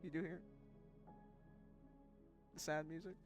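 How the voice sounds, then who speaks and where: A woman's voice: low-pitched, level tone, unhurried, soft background music. A woman running a tabletop game as dungeon master, narrating in a casual, chatty way and swearing freely.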